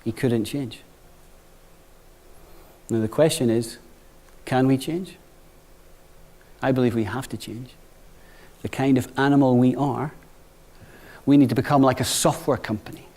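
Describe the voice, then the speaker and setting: A middle-aged man giving a business talk to new graduates, conversational, often checking in with "right?" and dropping quiet for anecdotes. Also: mid-range voice, steady tone, measured pace, pauses often. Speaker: bank executive speaking to graduates.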